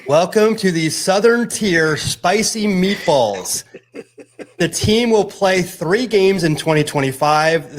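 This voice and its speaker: A man co-hosting a casual podcast, pitched a little high and introducing the next segment at an easy pace. He keeps pausing with "uh" as he goes. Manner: relaxed, often pauses with "uh". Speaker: podcast co-host. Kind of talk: casual chat presenting a segment.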